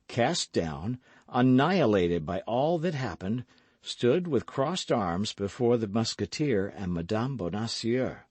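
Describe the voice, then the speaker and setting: A man narrating a classic novel as an audiobook in an expressive, dramatic storytelling manner. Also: medium pitch, husky, dry recording.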